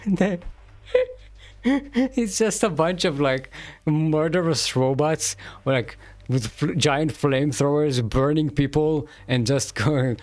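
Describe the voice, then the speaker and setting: A man's voice: on the high side, takes it slowly, pauses often, a little mellow, dry recording. A man streaming a game and commenting casually, rambling and joking and laughing often.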